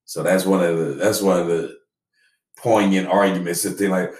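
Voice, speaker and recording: A middle-aged man in casual chat, laid-back and storytelling, acting out quotes in animated voices. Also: low voice, normal speed, recorded from a distance. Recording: echoey room.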